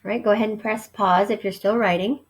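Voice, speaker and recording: With a steady, mid-range voice, a woman teacher slowly spells vocabulary words letter by letter and explains what they mean in a recorded lesson. The audio quality is poor.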